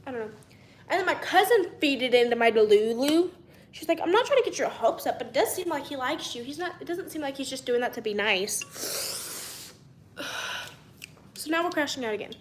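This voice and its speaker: A young woman with a high voice tells a story in a casual vlog, chatty and rambling. She acts out what people said and sometimes drops to a whisper. The room has an echo. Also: lively intonation, fairly quick, a little hiss or hum. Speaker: vlogger.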